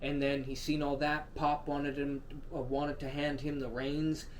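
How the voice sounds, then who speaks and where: A man's voice: on the high side, little pitch movement, measured pace, slight background noise. A man co-hosting a podcast, bantering casually with slang and frequent swearing. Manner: profane, joking, slangy banter. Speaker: podcast co-host. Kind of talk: casual sports chat.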